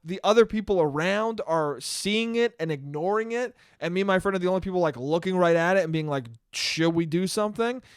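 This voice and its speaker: High-voiced man telling a rambling, profane story. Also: lively intonation, a little fast, few pauses, smooth, no room sound, clean studio sound. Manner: profane, rambling, with many restarts. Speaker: podcast host. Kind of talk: casual solo storytelling.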